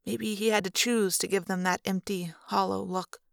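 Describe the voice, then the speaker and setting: A woman's voice: medium pitch, steady tone, normal speed, gravelly, dry recording. A woman reading a first-person audiobook aloud in an earnest, subdued way on a close microphone. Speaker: reader.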